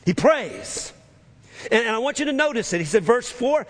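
A male pastor preaching a sermon, emphatic and repeating his key phrases, sometimes shouting them. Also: very high voice, expressive, moderate pace. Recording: long reverb of a large hall.

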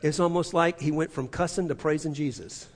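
A male pastor preaching a sermon in a church, swinging from loud, emphatic passages to near-hushed ones. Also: on the high side, brisk, long reverb tail.

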